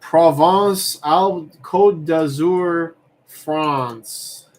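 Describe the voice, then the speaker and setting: A man's voice: fairly high pitch, drawn-out words. A young man hosting a livestream auction, chatting casually and rambling as he reads comments aloud.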